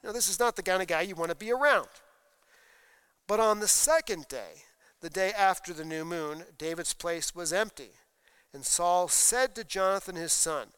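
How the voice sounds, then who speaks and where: A man's voice: high-pitched, normal speed, fairly bright tone, clear, resonant tone, dry recording. A man preaching a sermon, explaining scripture and reading passages aloud with emphasis. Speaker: pastor.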